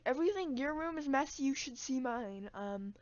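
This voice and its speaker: A woman's voice: high-pitched, expressive, normal speed, dry recording, lo-fi sound. A woman telling a story in a rambling, casual way, with crude jokes. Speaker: vlogger. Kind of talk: storytime vlog.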